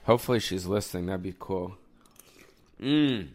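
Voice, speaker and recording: A man's voice: sits low, moderate pace, darkish tone, dry recording. A man hosting his own podcast alone, rambling casually and cursing constantly, with lots of ums and asides. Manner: rambling, profane, lots of fillers. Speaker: podcast host. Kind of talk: casual solo rant. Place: recorded alone without producers.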